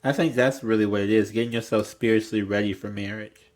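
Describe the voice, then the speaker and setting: A man's voice: on the low side, steady tone, fast talker, darkish tone. A young man giving a casual tarot reading, rambling and blunt, swearing freely and filling his talk with "like". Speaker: tarot reader.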